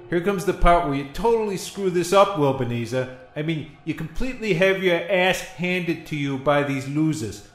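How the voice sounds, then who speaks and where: A brash, bragging tycoon plays a ghost in a comedy sketch, voiced by a man. He taunts and belittles in short jabs. His voice is a bit high and sounds roomy, with faint music behind it. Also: lightly acted. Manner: brash, taunting, calls everyone loser. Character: boastful insulting tycoon playing a ghost.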